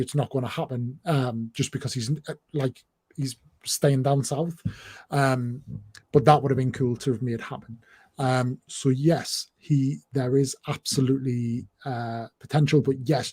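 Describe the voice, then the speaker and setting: Chatty northeast English man, husky and mellow. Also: mid-range voice. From northeast England. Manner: chatty, rambling, many fillers and restarts. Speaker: host. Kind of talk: casual chat on a livestream.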